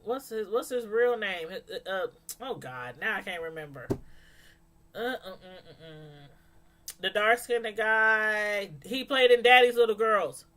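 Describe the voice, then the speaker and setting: A show reviewer on a live stream talks a little slowly in a medium-pitched, slightly bright voice. She reviews a TV episode casually with her viewers, laughing often and answering the chat.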